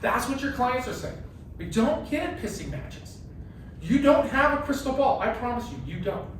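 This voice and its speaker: Animated man teaching in an echoey room. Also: very high-pitched, normal speed. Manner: animated, joking, lots of rhetorical "right?". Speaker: real estate sales trainer. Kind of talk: casual workshop teaching. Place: classroom with a group. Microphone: phone camera from across the room. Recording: very echoey room, distant, faint hiss.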